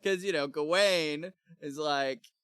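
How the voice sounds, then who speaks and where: A man co-hosting a book club podcast, casually retelling the story in an animated way and slipping into quick character voices. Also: on the high side, clear, resonant tone, dry recording, clean studio sound. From Missouri, USA. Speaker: podcast co-host.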